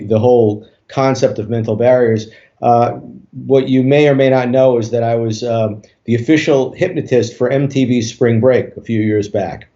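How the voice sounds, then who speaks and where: A man, a hypnotist guest on an interview show, tells a story in a relaxed way with many fillers and restarts. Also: medium pitch. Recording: dull lo-fi audio.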